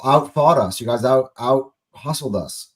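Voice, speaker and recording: Defensive man, mid-pitched voice. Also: expressive, measured pace. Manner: defensive, stammering restarts. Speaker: Arsenal fan guest. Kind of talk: football podcast debate.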